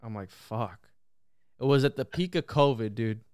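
A young man telling a long story in a casual podcast chat, animated and full of swearing and restarts. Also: mid-range voice, smooth, no room sound, studio quality. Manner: animated, heavy swearing, quick repeated restarts. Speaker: podcast guest.

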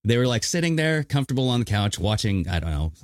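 A man co-hosting a casual podcast, telling stories with animated delivery and acting out other people's voices. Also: mid-range voice, fast, no room sound, clean studio sound. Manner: animated storyteller who acts out voices. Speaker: podcast co-host.

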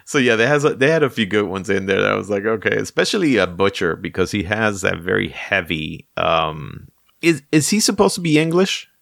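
A man with a fairly low voice talks loosely in a casual podcast chat. He laughs a lot and rambles through fillers. The sound is dry and close. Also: very animated, a little fast, creaky, a bit bright, no room sound. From the Bronx, New York.

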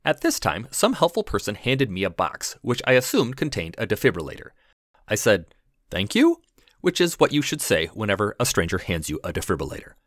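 Wry low-voiced male ER doctor storyteller. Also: brisk, no room sound, clean studio sound. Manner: wry, deadpan delivery of comic exaggerations. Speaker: podcast host and ER physician. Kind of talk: scripted humorous storytelling.

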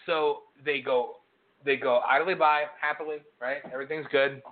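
A man's voice: medium pitch, steady tone, moderate pace. A man co-hosting a political chat, ranting in emphatic lists. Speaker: co-host. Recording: phone-like narrow sound.

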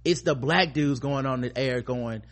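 A man's voice: medium pitch, a little slow, a bit bright. A man hosting a podcast, talking in a rambling, impassioned and profane way. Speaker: podcast host. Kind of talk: casual podcast commentary.

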